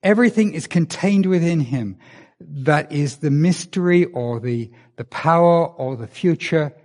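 A man's voice: on the high side, animated, unhurried, darkish tone. A man from England, preaching a conversational sermon and asking his listeners many rhetorical questions. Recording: long reverb of a large hall.

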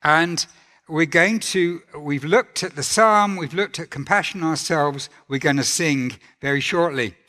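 Gentle preacher man in a reverberant hall. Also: on the high side, measured pace. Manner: gentle, conversational preaching with rhetorical questions. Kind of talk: sermon.

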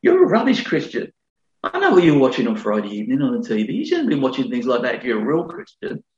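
A man's voice: mid-range voice, wildly swooping pitch, fast. A preacher voicing a taunting male devil who mocks his listeners with scornful questions. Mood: mocking. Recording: echoey hall, slightly dull.

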